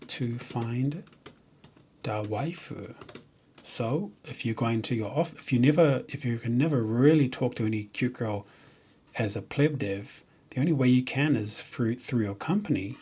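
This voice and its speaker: A software developer chats casually and jokingly on a livestream, rambling with lots of fillers and restarts. His voice is mid-range, and there's slight background noise.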